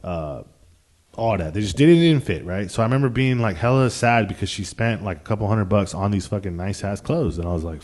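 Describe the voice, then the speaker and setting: A man's voice: lowish voice, expressive, fast. A young man telling a story to his viewers in a casual, rambling way, swearing a lot and using plenty of slang. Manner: profane, slangy and rambling, with frequent restarts. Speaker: vlogger.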